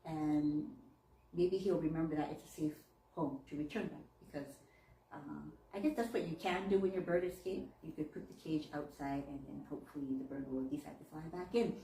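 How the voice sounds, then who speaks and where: A woman minister telling a story in a sermon, animated and often laughing. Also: sits low, fairly quick, recorded from a distance, a little hiss or hum. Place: church. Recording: echoey church from off-mic.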